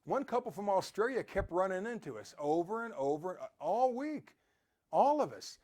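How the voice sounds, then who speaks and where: Male host, motivational talk; high voice, very lively intonation, rambling anecdotes. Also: normal speed. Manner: animated, rambling storyteller.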